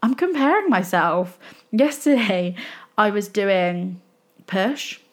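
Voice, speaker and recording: A woman's voice: mid-range voice, expressive, slow. A young woman from England, talking through a casual solo podcast in a rambling, self-reflective way. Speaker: podcast host.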